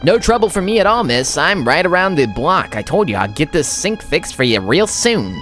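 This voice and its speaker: A man voicing a pushy, creepy middle-aged male landlord in a game, with a nasal, high-pitched voice and a folksy, territorial way of talking. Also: very animated, moderate pace, fairly bright tone, faint music behind. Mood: condescending.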